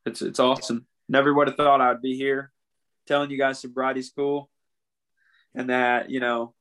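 A young man, a guest on a podcast, lays out something painful with sincerity and emotion, peppering his speech with "man." His medium-pitched voice is fairly bright, delivered flatly at a normal speed.

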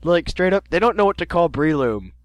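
A Canadian teenage guy co-hosts a podcast, reading listener mail in a casual, joking way and rambling with repeated sentence restarts. His fairly quick voice is on the high side with big pitch swings, recorded dry.

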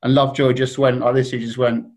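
A man's voice: medium pitch, level tone, fast, darkish tone, low-quality recording. A man from Surrey, a guest on a casual podcast, telling stories and acting out other people's voices. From Surrey, England.

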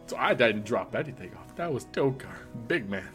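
A man's voice: mid-range voice, animated, moderate pace, fairly bright tone, soft background music, close to an everyday voice. A man voicing a shifty male henchman who hesitates, stammers and tries to please his boss in a tabletop game. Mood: evasive. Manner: hesitant, full of "uh", wheedling.

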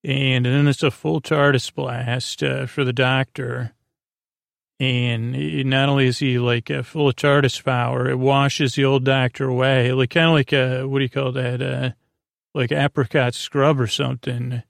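Drowsy gravelly man rambling a recap. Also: mid-range voice, level tone, no echo, studio quality. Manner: halting, many fillers and restarts. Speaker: sleep podcast host.

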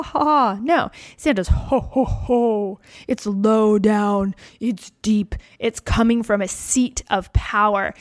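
A woman teaching a relaxed talk on chakras, calm and reflective, often checking in with the listener. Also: on the high side, no echo, studio quality.

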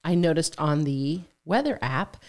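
A woman co-hosting a podcast with cheerful, giggly banter. Her voice sits a little low. She speaks with a lively, swinging pitch. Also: a little slow, slight background noise. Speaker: podcast co-host.

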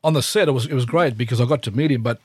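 Australian man telling lively stories. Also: medium pitch, rapid-fire, slightly rough, dry recording, studio quality. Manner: animated anecdotes with frequent restarts and acted-out quotes. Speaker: interview guest. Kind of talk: storytelling in casual interview.

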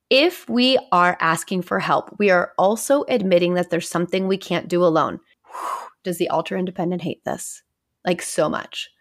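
A woman in her thirties, a therapist hosting her own podcast, talking candidly and conversationally on her own, sometimes dropping to a near whisper. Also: mid-range voice. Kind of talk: casual solo podcast talk.

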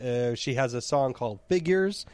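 A man's voice: mid-range voice, animated, normal speed, a little mellow, clear, resonant tone, no room sound. A man co-hosting a casual music podcast, speaking hesitantly with many fillers. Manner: hesitant, lots of uh and restarts. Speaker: podcast co-host. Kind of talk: casual music review chat.

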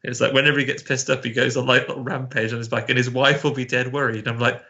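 Guy on a film podcast, bright voice, rambles through stories. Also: mid-range voice, level tone, rapid-fire, dull audio. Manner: chatty storyteller, drops into voices for quotes. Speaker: podcast co-host. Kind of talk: casual film chat.

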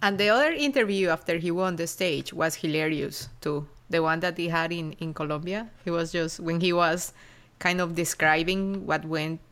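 A woman's voice: on the low side, a bit bright. Woman in amused casual chat.

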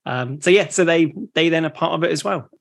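Man with a gravelly, higher voice. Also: brisk. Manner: rambling, with frequent restarts. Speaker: podcast co-host. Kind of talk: casual educational chat.

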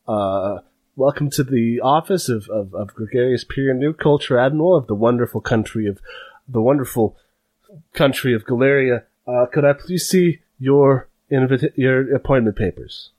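A man's voice: mid-range voice, moderate pace, darkish tone, voice pushed up, lightly acted. A man voicing an overeager young male guard on his first day, speaking stiffly and formally with a flustered edge. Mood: eager, formal.

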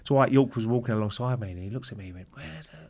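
Fast-talking Essex man telling footie stories. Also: mid-range voice. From England. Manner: animated storyteller, swears freely, acts out quotes, laughs mid-story. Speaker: podcast guest, former footballer. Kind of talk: casual anecdote telling.

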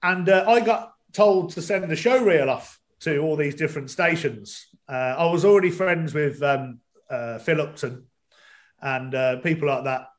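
A man's voice: a little high, moderate pace. A man, a stadium announcer and guest, telling his story at a casual pace with many fillers. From England. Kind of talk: casual interview chat.

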